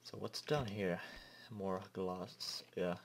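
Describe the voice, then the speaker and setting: A man's voice: low voice, takes it slowly, vocal fry, slight background noise. A young man giving casual gameplay commentary, chatting and laughing at his own slips of the tongue. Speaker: let's play host.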